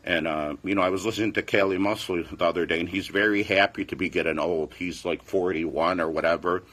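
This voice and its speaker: A man's voice: low-pitched, steady tone, a little fast, a bit bright. A man in his forties, a fitness vlogger, chatting casually and rambling defensively, repeating himself. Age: 40s. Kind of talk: casual livestream chat.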